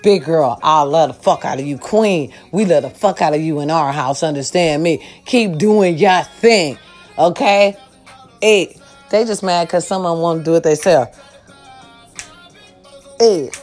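An older woman giving a loud, sassy, profane pep talk to her followers. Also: low-pitched, unhurried, soft background music. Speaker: vlogger.

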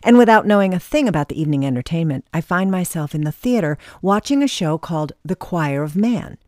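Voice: mid-range voice, lively intonation, brisk, no echo, clean studio sound. Gushing, enthusiastic travel host. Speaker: travel vlogger and interviewer. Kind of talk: narration and interview.

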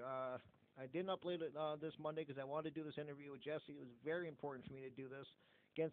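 A middle-aged Canadian man hosting a podcast in blunt, casual chat full of swearing. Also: a little high. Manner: blunt, heavy swearing, animated. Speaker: podcast host. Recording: phone-like narrow audio.

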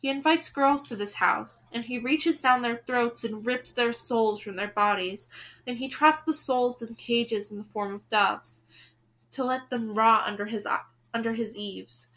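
A woman's voice: on the high side, a bit bright. A woman voicing a sorrowful old captive woman. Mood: grave. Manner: hissing, then slow and pitying. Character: sad, fearful old shackled woman, a captive mother. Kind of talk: read-aloud storybook voice.

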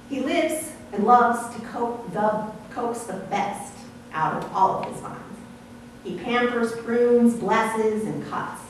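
Slow, echoey woman pastor preaching. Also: a little high, background noise. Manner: measured, listing and explaining with warm asides. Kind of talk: sermon. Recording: echoey hall from far off.

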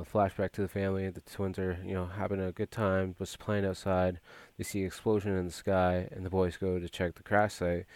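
A man's voice: low voice, a little mellow, no room sound. A man casually recapping a movie plot, rambling with frequent filler words and restarts.

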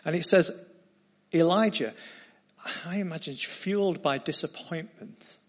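Brief: male preacher, higher voice, earnest storytelling sermon. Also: slow, pauses often, husky.

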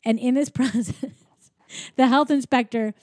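A woman's voice: fairly high pitch, moderate pace, dry recording, studio quality. Chatty woman retelling a story. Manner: animated storytelling, acting out quoted lines. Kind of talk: casual movie recap chat.

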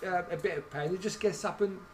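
A man's voice: sits high, quick pace, darkish tone, a little hiss or hum. Rambling man in his sixties. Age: 60s. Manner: rambling storyteller, many restarts. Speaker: podcast co-host. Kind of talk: casual chat.

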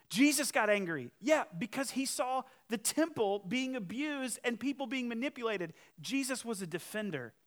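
A male pastor preaching a sermon, emphatic, with conversational asides and rhetorical questions. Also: high voice. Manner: emphatic, swings from loud challenge to quiet earnest appeal.

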